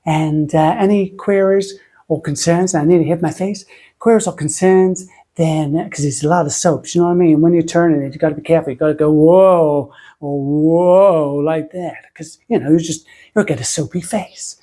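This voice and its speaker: Here the British soap-making host sounds mid-range and steady, talking fairly quickly in a mellow, slightly rough voice. The tutorial chat wanders along loosely, full of self-mockery and a comic put-on voice.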